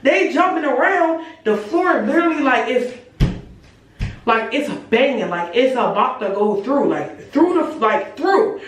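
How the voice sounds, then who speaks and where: Animated teenage girl, echoey far-off sound. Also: sits high, normal speed, slight background noise. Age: late teens. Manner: animated, profane, addresses the audience as y'all. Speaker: storytime vlogger. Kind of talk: casual storytelling to viewers. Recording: very echoey room, voice far from the mic.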